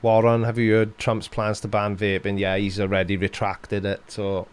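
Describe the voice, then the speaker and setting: A Welsh man with a fairly low voice, chatting casually on a live stream. He answers viewers' questions one after another with a dry, sarcastic wit and laughs often. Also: completely flat delivery, normal speed, smooth.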